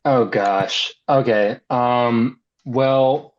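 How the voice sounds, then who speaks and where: A man's voice: medium pitch, very slow. A man, an actor and filmmaker, chatting casually as an interview guest, easygoing and rambling, with many ums and likes. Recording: slightly dull lo-fi sound.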